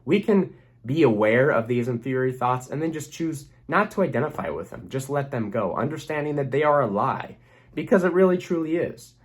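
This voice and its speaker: A man's voice: mid-range voice, expressive, normal speed. A young man speaking earnestly as a relationship coach, giving a motivational self-help talk to the camera and repeating phrases for emphasis.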